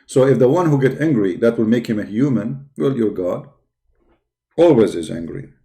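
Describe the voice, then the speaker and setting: A man's voice: medium pitch, expressive, moderate pace, dark tone. A man hosting a live stream, taunting and challenging viewers to call in. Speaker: live stream debate host. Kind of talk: mocking live stream talk.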